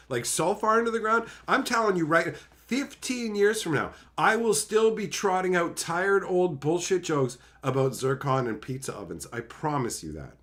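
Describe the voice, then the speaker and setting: Man, streamer, casual rant, profane, sarcastic, slightly high voice, very animated pitch. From Canada. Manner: profane, sarcastic, mocks others in put-on voices.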